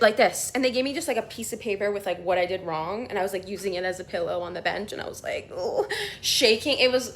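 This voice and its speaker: Young adult woman, casual vlogger, somewhat high pitch, animated, chatty with filler words and laughter. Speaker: storyteller. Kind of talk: casual storytime vlog.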